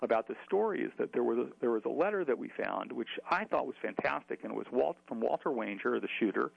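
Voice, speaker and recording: A man's voice: medium pitch, animated, fast talker, gravelly, breathy edge, dry recording, phone-quality sound. A man telling a long story in an interview, chatty, with many fillers and restarts. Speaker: author.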